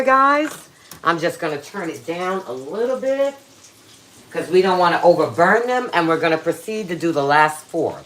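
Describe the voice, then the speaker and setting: A woman's voice: low voice, fairly bright tone. A woman hosting a casual cooking livestream from her kitchen, chatting playfully with viewers and using slang.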